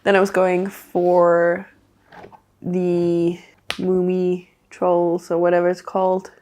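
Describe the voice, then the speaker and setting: Speaking slowly in a lowish, monotone, darkish voice, this woman from Denmark talks in English about books she just bought. A native Danish speaker and book vlogger, she rambles casually, leaning heavily on "like."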